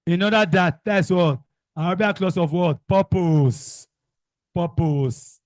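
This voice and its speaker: Male teacher running class drills, questions and repeated answers; slightly high, unhurried, close and dry. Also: no echo. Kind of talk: classroom revision lesson.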